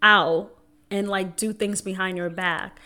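A woman's voice: medium pitch, steady tone, unhurried, bright, forceful tone. A woman in her twenties co-hosting a podcast, chatting casually and animatedly, telling family stories and acting out her parents' voices. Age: 20s. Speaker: podcast co-host. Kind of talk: casual chat.

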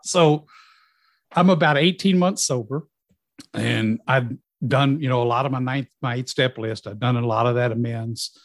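A middle-aged man telling a personal recovery story, acting out quoted dialogue with lively storytelling. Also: medium pitch, moderate pace, no echo, clean studio sound. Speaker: guest in recovery.

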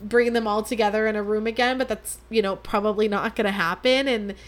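A woman's voice: medium pitch, steady tone, brisk. A young woman hosting her own podcast, chatting casually and mocking herself, with lots of fillers. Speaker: podcast host. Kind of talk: casual solo podcast chat.

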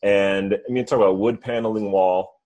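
A man's voice: lowish voice, steady tone, normal speed, darkish tone. A man in casual chat who rambles through loose stories full of fillers.

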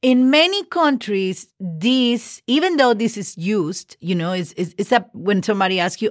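In clean studio sound with no room echo, an expressive woman with a mid-range voice teaches Spanish on a relaxed podcast. She spells words out letter by letter, keeps asking "okay," and slows her pace for example sentences.

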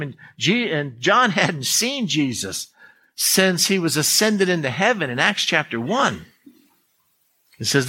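A man delivers an earnest, emphatic sermon from the pulpit. His voice sits a little high and rings bright and forceful, and he often restarts phrases as he presses a point. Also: slightly rough. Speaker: pastor.

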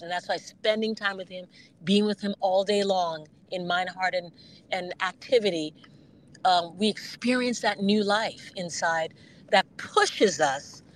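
A woman's voice: fairly low pitch, slight background noise, low-quality recording. Earnest woman speaking from her car. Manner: earnest, reflective, with sudden animated outbursts. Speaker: guest. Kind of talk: candid faith conversation. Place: driving in a car. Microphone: phone on Bluetooth.

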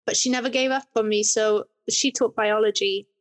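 A woman's voice: a little high, fairly even intonation, normal speed. A middle-aged woman, a podcast guest, chatting in an interview, telling stories with many restarts and rambling sentences. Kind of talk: conversational interview.

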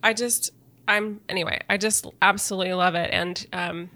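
A woman host with a bright, forceful voice gushes over her guest and says she is close to tears. Her warmth comes through in quick reactions and long admiring sentences. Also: lowish voice, fairly even intonation. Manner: warm, effusive, emotional, gives short back-channel replies. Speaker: podcast host, nurse. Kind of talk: casual interview conversation.

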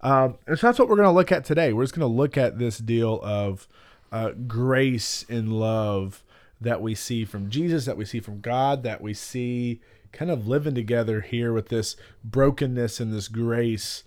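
A man's voice: medium pitch, normal speed, darkish tone. Rambling storytelling man on a podcast. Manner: rambling storyteller, acts out quotes with many "like"s. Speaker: podcast co-host. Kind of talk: casual chat and Bible teaching.

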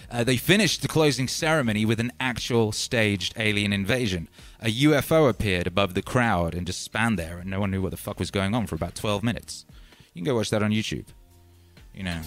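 Man ranting excitedly on a livestream. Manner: animated, swings from loud shouts to low mutters. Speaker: livestream host and musician. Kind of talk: casual livestream rant.

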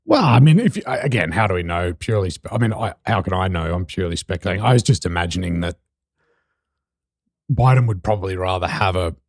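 A male host asks questions with an animated, swooping delivery and plenty of halting restarts as he works out his thought. The sound is close and dry, with no room around it. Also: sits low, dry recording. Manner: thinks aloud, hesitant restarts, lively. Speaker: podcast host. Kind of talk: conversational interview.

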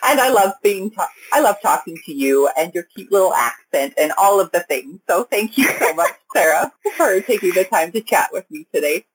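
A woman's voice: medium pitch, lively intonation, moderate pace, few pauses, slightly rough, no echo. A woman hosting a podcast, chatting casually and speaking straight to her listeners in an upbeat way. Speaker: podcast host. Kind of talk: casual podcast interview and sign-off.

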